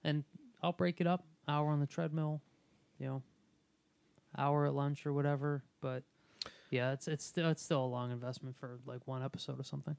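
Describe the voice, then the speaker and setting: A man's voice: mid-range voice, fairly even intonation, moderate pace, gravelly, darkish tone, no echo. A man co-hosting a podcast, talking casually with hesitant restarts. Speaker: podcast co-host. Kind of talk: casual chat.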